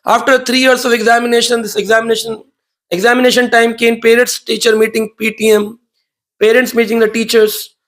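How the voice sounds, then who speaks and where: Male preacher, very high gravelly voice, animated storytelling sermon. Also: fairly quick.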